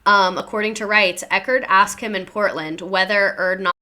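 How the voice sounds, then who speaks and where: A woman's voice: medium pitch, steady tone, moderate pace, sharp tone. A young woman casually telling a true-crime story to her viewers, chatty and slangy, reading out facts and reacting to chat.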